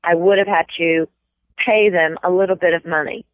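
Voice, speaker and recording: Speaking with a lowish voice over a tinny, dry, phone-style recording with no room sound, a woman from the American South chats as an interview guest. She's a stage actress, animated and eager to toss in small accent demonstrations.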